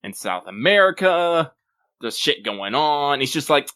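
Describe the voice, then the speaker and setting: Lively, bright-voiced man joking around. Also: on the high side, unhurried. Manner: playful and jokey, with mock-dramatic asides. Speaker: podcast co-host reading mailbag. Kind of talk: casual chat.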